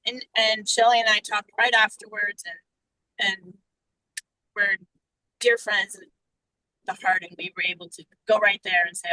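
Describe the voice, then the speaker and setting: A woman on a group video call, speaking in a heartfelt, halting way that often drops to a whisper. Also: medium pitch, steady tone, sharp tone, dry recording, low-quality recording. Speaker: group participant.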